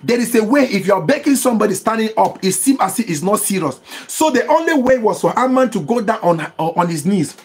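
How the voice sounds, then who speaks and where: In a high-pitched, sing-song, husky voice, a man preaches a passionate sermon fairly quickly and with few pauses. He calls on listeners to answer back and bursts into speaking in tongues.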